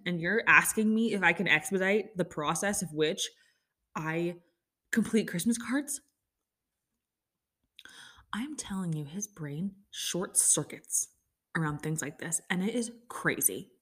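A woman's voice: mid-range voice, fairly bright tone. A woman in her thirties hosting a casual talk show, ranting sarcastically and filling her talk with "like". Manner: chatty, sarcastic ranting with many likes. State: upset stomach. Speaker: podcast host. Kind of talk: casual chat.

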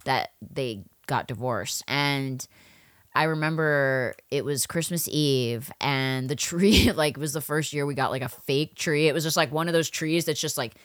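A woman's voice: low-pitched, measured pace, no room sound, clean studio sound. A woman co-hosting a podcast in casual chat, telling stories with acted-out voices and plenty of swearing. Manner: animated, acts out voices in her stories, swears freely. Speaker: podcast co-host.

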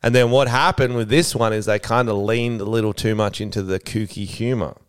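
A man co-hosting a podcast, chatting casually in an animated, joking, slangy way. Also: lowish voice, fairly quick, smooth, no room sound, clean studio sound. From Australia. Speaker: podcast co-host. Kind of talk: casual chat.

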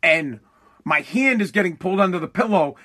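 High, bright-voiced rambling podcast host. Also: male voice, lively intonation, fairly quick. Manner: rambling, profane, restarts often. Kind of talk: casual solo podcast monologue.

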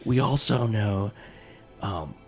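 A man's voice: fairly low pitch, slow, soft background music. A man voicing a casual young male agent who rambles with lots of fillers. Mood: eager.

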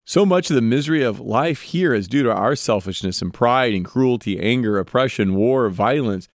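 A man of middle pitch gives earnest devotional Bible teaching as a podcast host. He often turns to the listener with direct questions. The sound is close and dry, with no room around it. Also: expressive, normal speed, no room sound.

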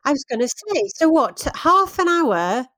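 A woman's voice: sits high, sing-song, a little slow, sharp tone. A British woman co-hosting a podcast in casual, conversational chat with eager interjections. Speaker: podcast co-host.

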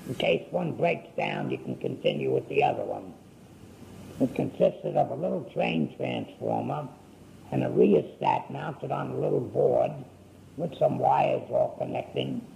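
Gravelly older man telling his life story. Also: medium pitch, sing-song, mellow, a little hiss or hum, rough recording. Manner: folksy, unhurried, acts out quoted speech. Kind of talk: rambling personal life story.

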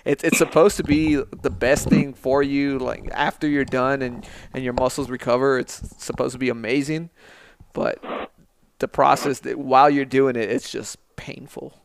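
A man's voice: medium pitch, fairly even intonation, moderate pace, creaky, smooth. A man hosting a podcast who chats in a laid-back, conversational way. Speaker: podcast host. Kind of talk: casual chat.

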